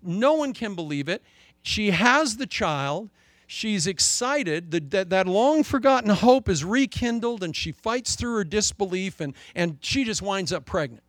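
Here a middle-aged pastor preaches with animation, his pitch and volume swinging widely as he voices the people in his story. He speaks a little slowly, and there's no echo.

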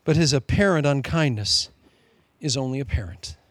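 A man preaching a sermon, switching between animated storytelling and joking asides, calling listeners "loved one.". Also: mid-range voice, moderate pace, no echo.

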